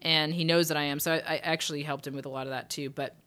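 A woman with a low but bright, forward voice talks loosely as a singer guest in a relaxed interview. She rambles with fillers and restarts and sometimes mimics how she would phrase a line. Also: quick pace. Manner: chatty, loose, full of "like" and restarts, acts out phrasings. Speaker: singer and session musician, guest. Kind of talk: casual interview chat.

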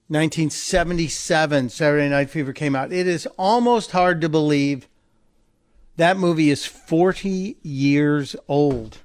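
A talk radio host speaking in a casual, joking way into a studio microphone. His voice sits a little high for a man and comes across smooth and clear. The sound is close and dry. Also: dry recording. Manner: chatty, joking, laughs easily.

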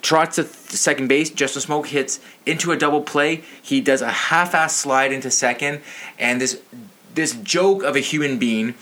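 A man's voice: a little high, sharp tone. A man ranting about sports to his channel's viewers, outraged, profane and a little tipsy.

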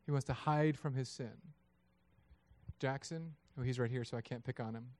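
A man in his thirties preaching a sermon, lively and acting out voices of God and people in his story. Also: mid-range voice, normal speed. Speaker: pastor.

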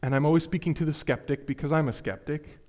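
A man's voice: a little high, fairly even intonation, fast talker, darkish tone. A man preaching a sermon, earnest and questioning, speaking straight to his listeners. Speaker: pastor.

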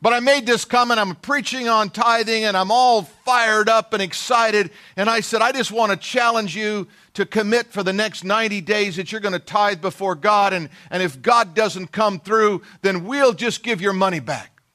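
A man's voice: sits high, normal speed, pushed and bright. A middle-aged male pastor telling a personal story in a sermon, folksy and self-deprecating, acting out the people he quotes.

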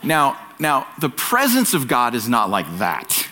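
A man's voice: mid-range voice, wildly swooping pitch, a little slow, bright, forceful tone, a little hiss or hum. A man preaching a sermon as pastor at a church service, earnest and emphatic, repeating his key phrases.

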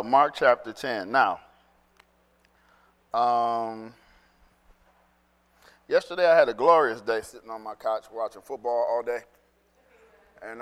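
A man's voice: medium pitch, smooth. A man preaching a casual, conversational sermon. He repeats himself and acts out the people he quotes. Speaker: pastor. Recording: echoey hall.

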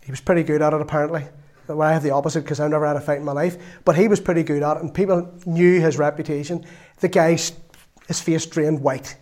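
A middle-aged man with a Northern Irish accent preaching a sermon, telling a lively story from his own family and acting out the voices in it. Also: on the high side, quick pace. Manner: lively storytelling, acts out voices, laughs often.

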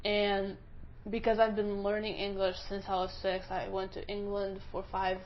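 A woman's voice: medium pitch, monotone, normal speed, dull audio, slight background noise. A young woman from Russia, speaking with a Russian accent, chatting casually in an interview with lots of fillers. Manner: chatty, many fillers, acts out quoted speech.

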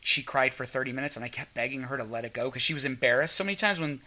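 A man's voice: mid-range voice, very fast, bright, forceful tone. A man telling a frank story in casual chat and acting out the dialogue as he goes. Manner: storytelling, acts out quoted dialogue.

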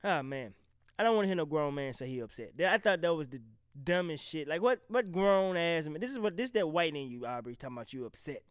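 Man from the South, blunt profane commentary, casual and animated, fairly high voice, dry close sound. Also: fast talker, clear, resonant tone, no echo. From American South. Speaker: vlogger reacting to rap beef.

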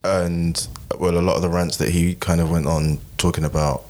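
Low-voiced podcast host, hesitant. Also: male voice, fairly even intonation, normal speed, a little mellow. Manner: hesitant, filler-heavy questions. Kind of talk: casual podcast chat.

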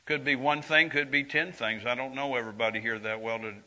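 A man in his seventies preaching a sermon in a church, earnest and conversational, dropping to quiet confiding asides and rising to loud emphatic lines. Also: mid-range voice, fairly even intonation, fairly quick, low-quality recording. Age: 70s.

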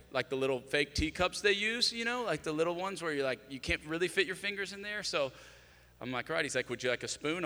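A man preaching a sermon, telling a comic story with lively, animated delivery. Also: mid-range voice, big-room sound. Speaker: pastor. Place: large church hall.

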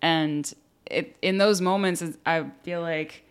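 Low-voiced woman telling a story. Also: slow pace, clear, resonant tone. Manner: animated storyteller, acts out quotes, swears casually. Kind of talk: casual conversation, storytelling.

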